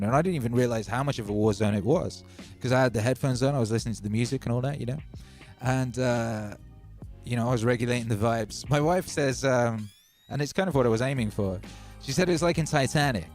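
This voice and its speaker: Male streamer, casual rambling chat with a sardonic edge, mid-pitched, faint music under him. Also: quick pace, darkish tone. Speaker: livestream host. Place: home studio.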